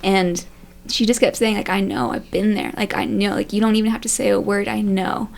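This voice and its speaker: A gravelly, medium-pitched voice with lively intonation, going a little fast. The young woman is telling a personal, heartfelt story on a faith podcast panel, chatty and emotional, with constant fillers and "like"s.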